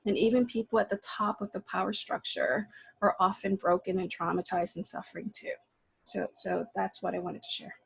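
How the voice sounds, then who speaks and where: A reflective woman talking as a panelist over a video call. Her voice is husky and a little breathy, and her pitch sits in the middle. The sound is dry, with no room echo. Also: level tone, normal speed. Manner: reflective, frequent restarts and fillers. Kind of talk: casual panel discussion.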